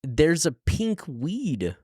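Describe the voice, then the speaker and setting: Male podcast co-host, easygoing, unhurried, expressive pitch. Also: breathy edge, no room sound, clean studio sound. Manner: laid-back, full of fillers and restarts, quick to laugh. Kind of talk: casual book discussion chat.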